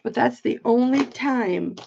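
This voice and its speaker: A woman's voice: on the high side, a little slow, vocal fry, background noise. A middle-aged woman from Michigan hosting an online auction, rambling through a story in a blunt, chatty way and swearing freely. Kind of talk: casual chatty livestream. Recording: slightly dull lo-fi stream audio.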